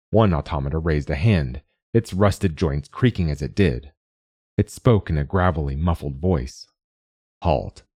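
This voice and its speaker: A man narrating a short story in a steady, measured way. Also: deep voice, slightly rough, dry recording, clean studio sound. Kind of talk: scripted narration.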